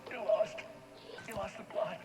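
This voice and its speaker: A man's voice: unhurried, loud music behind the voice, close to an everyday voice. A man voicing a tormented writer trapped in darkness, rambling frantically and repeating himself. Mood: menacing. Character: tormented male writer raving in the dark. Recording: loud game noise behind the voice. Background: loud ambient noise.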